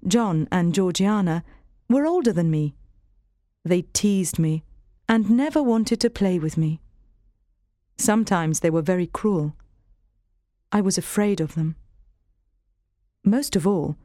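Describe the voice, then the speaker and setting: A woman reading a storybook aloud in a steady, clear first-person voice. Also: fairly low pitch, slow pace, pauses often, no room sound, clean studio sound. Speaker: narrator. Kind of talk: scripted storybook narration.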